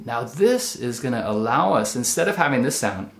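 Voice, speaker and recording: Male ukulele teacher, mid-pitched, patient step-by-step delivery, echoey room, loud ukulele under the voice. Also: sing-song, normal speed, creaky, over loud music. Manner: patient, explains step by step while playing. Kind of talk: instructional demonstration. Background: ukulele playing.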